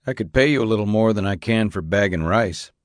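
A man's voice: fairly low pitch, fairly quick, no room sound, studio quality, natural voice. A man narrating as a desperate, outraged man pleading for help. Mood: wry. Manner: raised, pleading.

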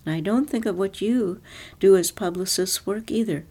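A woman's voice: mid-range voice, normal speed, dark tone, close to an everyday voice. A woman reading the lines of an earnest, eager-to-please middle-aged husband in a story. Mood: indignant. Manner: earnest, pleading.

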